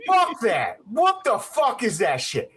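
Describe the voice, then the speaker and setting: A man's voice: extremely high pitch, huge pitch swings, slow pace, a bit bright, breathy edge, raised voice. A man hosting a podcast, giving a heated, profane rant reviewing a movie. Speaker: podcast host.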